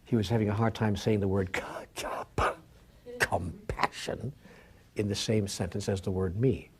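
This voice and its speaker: A man giving a spiritual talk as an animated storyteller, acting out dialogue and sometimes dropping to a soft near-whisper. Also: fairly low pitch, fast. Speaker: spiritual speaker.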